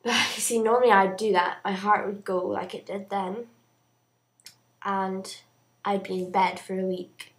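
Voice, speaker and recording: Slow-talking young woman, chatty vlog. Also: medium pitch, level tone. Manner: chatty and rambling, full of "um"s. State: out of breath. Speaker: vlogger. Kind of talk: casual video diary.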